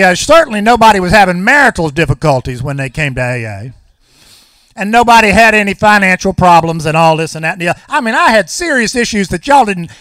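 A man's voice: high-pitched, a bit bright, no room sound, studio quality. A man, telling a personal recovery story at a meeting with folksy, wry humor.

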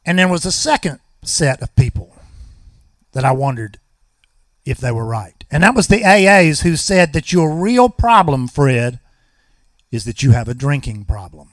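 A man's voice: on the high side, big pitch swings, moderate pace, no echo, studio quality. A man, telling a personal recovery story at a meeting with folksy, wry humor.

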